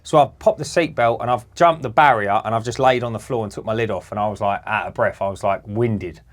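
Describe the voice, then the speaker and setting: Man, podcast co-host, animated sweary storyteller. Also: fairly low pitch, quick pace. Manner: animated, swearing, acts out other people's voices. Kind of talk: casual storytelling.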